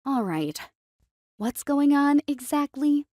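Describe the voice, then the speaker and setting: A woman's voice: high-pitched, expressive, takes it slowly, a little mellow, no room sound, clean studio sound, pitched above the performer's own voice. A woman voicing a stern, weary mother in a narrated story.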